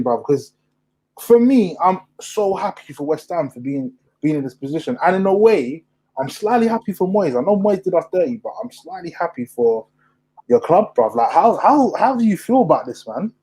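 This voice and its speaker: Animated young man, mellow tone. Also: high-pitched, normal speed, breathy edge, poor audio. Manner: animated, slangy, asks questions. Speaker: podcast host. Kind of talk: casual chat.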